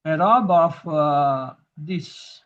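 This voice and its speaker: A man's voice: fairly high pitch, extremely slow, highs cut off. A man teaching grammar in a recorded lesson, patiently repeating each term so students can drill it.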